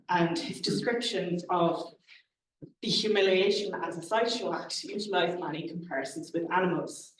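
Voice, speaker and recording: Woman reading a paper in an echoey hall. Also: fairly low pitch. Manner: formal, measured delivery, marks quotations aloud. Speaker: academic conference speaker. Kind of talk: reading a prepared paper aloud. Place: lecture hall. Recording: very echoey, distant mic in a lecture hall.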